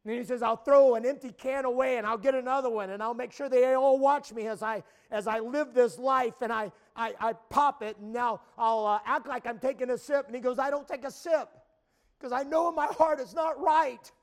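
Male pastor, high voice, sermon, stammering restarts, climbs to shouting. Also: fairly even intonation, normal speed. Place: camp meeting.

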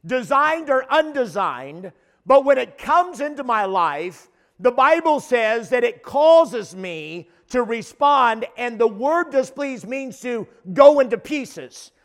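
Male pastor with a high voice, preaching emphatically with many restarts. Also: sing-song, slow. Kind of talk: sermon.

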